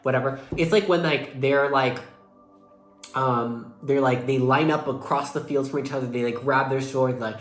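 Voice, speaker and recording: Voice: medium pitch, moderate pace. A young adult tarot reader giving a casual, emotional monthly reading, talking earnestly, swearing casually and saying "like" a lot. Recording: echoey room with faint music behind. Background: faint background music.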